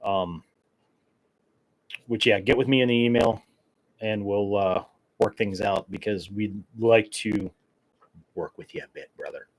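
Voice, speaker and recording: Low-voiced, rambling, wired podcast host. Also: male voice, measured pace, pauses often, low-quality recording. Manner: rambling, joking, caffeine-wired, many fillers. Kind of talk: casual solo chat.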